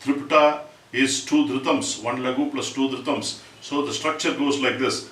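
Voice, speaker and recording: A man teaching Carnatic rhythm, explaining step by step and reciting rhythm syllables loudly and fast. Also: mid-range voice, steady tone, background noise. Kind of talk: spoken music lesson with recited rhythm syllables. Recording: roomy, distant mic, faint ambience.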